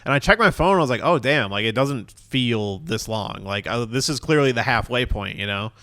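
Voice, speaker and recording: A man's voice: mid-range voice, expressive, normal speed, pushed and bright, dry recording. A man hosting a podcast, chatting casually, rambling and laughing often. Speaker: podcast host. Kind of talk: casual chat.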